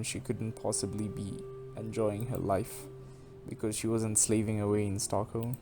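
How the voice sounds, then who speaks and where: A grieving sister answers with cold scorn in a low voice, as a man reads her part from a game. Each line cuts at the listener, and faint music sits underneath. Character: bitter woman defending her dead sister. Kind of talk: reading game dialogue aloud.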